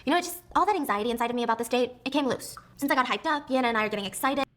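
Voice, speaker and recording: A woman reading a story aloud with animated, excitable delivery. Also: fairly high pitch, racing. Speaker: story narrator.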